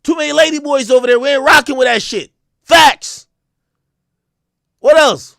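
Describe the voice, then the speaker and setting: A man hosting a livestream, riffing casually in a loose, profane way with sudden loud outbursts. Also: very high voice, moderate pace, gravelly, dry recording, studio quality. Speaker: livestream host.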